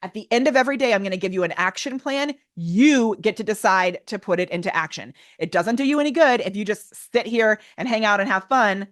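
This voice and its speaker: A woman in her thirties presenting a live online workshop with energetic, theatrical, over-the-top enthusiasm. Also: medium pitch, fairly quick, hardly any pauses. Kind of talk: live webinar teaching.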